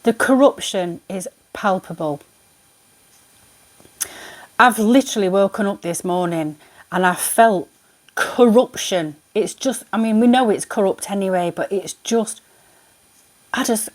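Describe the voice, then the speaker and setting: A woman's voice: medium pitch, measured pace. Ranting woman tarot reader. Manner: exasperated, indignant, rambling ranting. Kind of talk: ranting vlog monologue.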